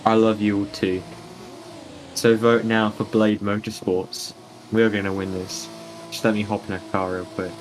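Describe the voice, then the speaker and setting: A man's voice: lowish voice, flat delivery, normal speed, a little hiss or hum, low-quality recording. A man, commentating a sim racing stream in a casual, joking manner. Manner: joking, playful, chatty with chat.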